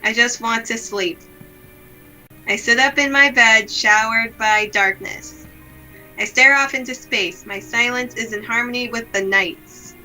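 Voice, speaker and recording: Woman voicing a melancholy young woman, self-blaming, subdued, slow, high, bright tone. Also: steady tone, faint music behind, rough recording. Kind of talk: reading a visual novel aloud.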